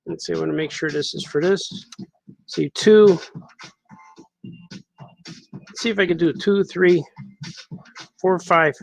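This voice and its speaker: A man's voice: a little high, slow, gravelly, long pauses, no room sound, rough recording. A man, a cartoonist, chatting casually on a live stream while he draws, repeating himself as he works.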